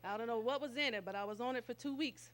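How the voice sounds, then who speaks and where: A woman's voice: on the high side, fast, a bit bright. A woman giving an earnest, plainspoken personal testimony at a family celebration. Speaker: daughter-in-law giving a testimony. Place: live family celebration event.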